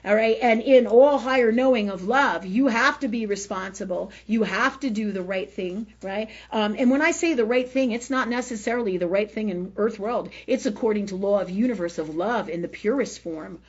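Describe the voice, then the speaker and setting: A woman's voice: mid-range voice, moderate pace, hardly any pauses, lo-fi sound. A woman hosting a live spiritual talk forum, speaking emphatically, swearing freely and often asking "right?". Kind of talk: unscripted spiritual talk on a livestream.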